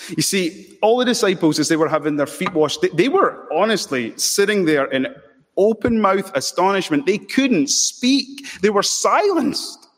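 A man preaches with mounting passion, his voice sitting fairly high for a man. He builds phrases up to loud, emphatic peaks. His words ring out in a hall with a long reverb. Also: big pitch swings, normal speed. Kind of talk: sermon.

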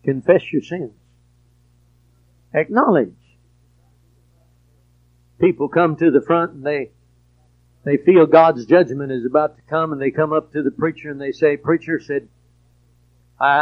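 A man preaching a sermon in a high, unhurried voice. He drops low for storytelling, then rises to loud, emphatic preaching. The recording is dull and lo-fi. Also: fairly even intonation. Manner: preachy, swings from quiet to shouted emphasis.

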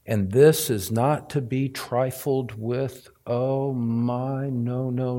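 A man's voice: medium pitch, fairly even intonation, slow, few pauses, dark tone. A male pastor preaching a sermon, emphatic, climbing to stressed points and repeating words for weight. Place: church sanctuary.

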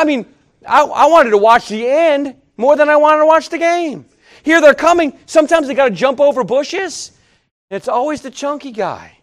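High-voiced folksy preacher. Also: male voice. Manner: folksy, animated, joking, rising to near-shouts. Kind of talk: sermon with storytelling.

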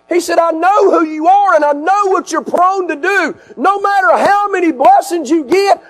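A man preaching a sermon, swinging from shouts to hushed asides. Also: extremely high pitch, rough recording. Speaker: pastor. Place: outdoor tent service. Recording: mains hum in background.

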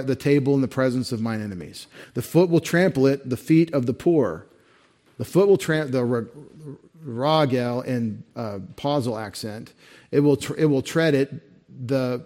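A man's voice: mid-range voice, a little mellow. A man preaching a sermon, talking conversationally and growing emphatic when he reads scripture and hymn lines aloud. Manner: conversational, rising to emphatic when reading verses. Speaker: pastor.

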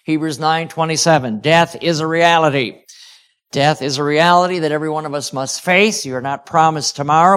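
A man's voice: fairly high pitch, normal speed, a bit bright, smooth. A man preaching a sermon, praying and telling stories in an earnest way. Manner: earnest, storytelling with chuckles.

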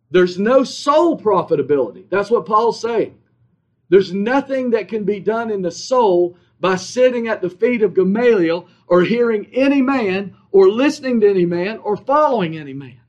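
A man's voice: sits high, expressive, measured pace. A man preaching a sermon with an emphatic, repetitive cadence. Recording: dull lo-fi recording.

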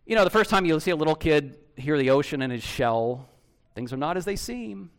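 Fairly high in pitch, fairly quick and smooth, a man preaches as a pastor. His sermon is animated and conversational, marked by frequent restarts and direct questions to the congregation.

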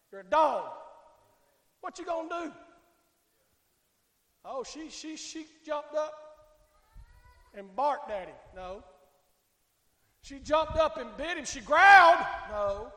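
High-pitched shouting preacher. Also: male voice, animated, slow, long pauses. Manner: swings between shouting and hushed, calls out to congregation. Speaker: pastor. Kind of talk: fiery revival sermon. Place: church sanctuary. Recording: echoey church hall with long reverb.

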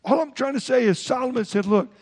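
A man's voice: extremely high pitch, quick pace, a little mellow, big-room sound. An older man preaching a sermon, telling folksy stories and quoting voices. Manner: folksy storytelling with quoted voices. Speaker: pastor.

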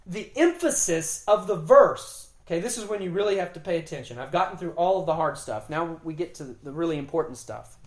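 A woman teaching scripture in an emphatic, explanatory way, her pitch rising and falling a lot as she stresses key phrases. She is recorded in an echoey room. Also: lively intonation, brisk, hardly any pauses. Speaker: Bible teacher. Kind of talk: Bible teaching on scripture and grammar.

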